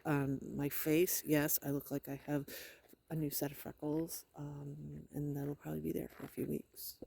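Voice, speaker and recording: A middle-aged woman with a hoarse, sore throat, talking in a hesitant, rambling video diary with wry, matter-of-fact asides. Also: deep voice, little pitch movement, moderate pace, warm tone. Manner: hesitant, rambling, many fillers. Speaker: vlogger. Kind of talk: casual personal video diary.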